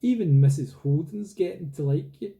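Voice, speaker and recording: A man voicing a blunt, gum-chewing teenage girl with a husky voice. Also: fairly high pitch, expressive, normal speed, dark tone, pitched above the performer's own voice. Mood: offhand. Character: tough-talking teenage girl in heavy makeup.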